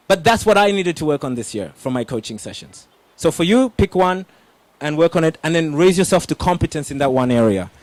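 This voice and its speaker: A young man speaking as a motivational coach, his voice sitting fairly high for a man. He talks with lots of energy and punchy emphasis, throwing questions straight at the crowd. The sound is dry and close, with little room around it. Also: dry recording. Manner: energetic, emphatic, addresses audience directly. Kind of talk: motivational talk.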